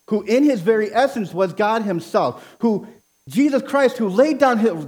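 A man preaching a sermon with passion, near to yelling at times, often repeating words as he starts a phrase. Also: high-pitched. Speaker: pastor.

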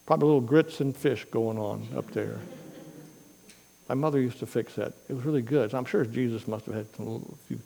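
A man preaching a sermon, retelling scripture stories with lively quoted dialogue and homely asides. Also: mid-range voice, brisk, gravelly, in a large hall, slight background noise, poor audio. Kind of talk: sermon storytelling.

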